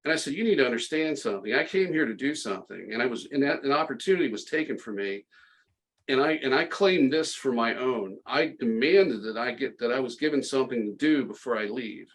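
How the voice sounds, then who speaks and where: Sardonic and casual, a middle-aged man tells stories as a podcast guest with a stop-start, tongue-in-cheek delivery marked by sarcasm and frequent restarts. His voice is an ordinary medium pitch, expressive and fairly quick. There's slight background noise, and the recording quality is low.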